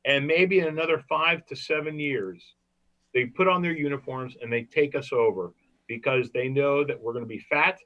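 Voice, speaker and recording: A man's voice: medium pitch, moderate pace. A man hosting a comedy podcast, telling rambling jokey stories. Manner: joking, rambling storyteller. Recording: dull lo-fi recording.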